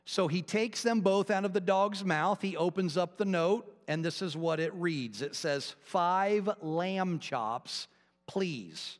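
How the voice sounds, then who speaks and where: A man with a high-pitched voice preaches to his congregation in a folksy, storytelling way, with casual asides. The sound rings with a long hall reverb from the church sanctuary. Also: normal speed, hardly any pauses. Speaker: pastor. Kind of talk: sermon with opening joke.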